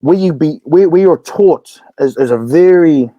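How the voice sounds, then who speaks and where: A young man with a New Zealand accent, a podcast guest telling stories in an animated, fast-talking way. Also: a little high, no echo, dull audio. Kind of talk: casual storytelling.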